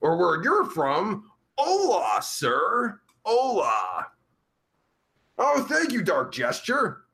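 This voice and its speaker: Casting: a man playing a crude, foul-mouthed streamer, high, bouncy voice, slow delivery. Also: wildly swooping pitch, gravelly, sharp tone, heavily acted. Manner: profane, crude, rambling. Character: crude vulgar man livestreamer, Pervert Pete. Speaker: livestream host. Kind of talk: live chat comedy stream.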